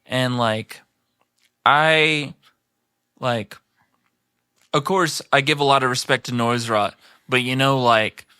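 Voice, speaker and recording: A man guest on a casual podcast, talking in a laid-back way, swearing freely and repeating himself as he shouts out his music scene. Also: mid-range voice, fairly even intonation, slow, pauses often, clear, resonant tone, dry recording, studio quality.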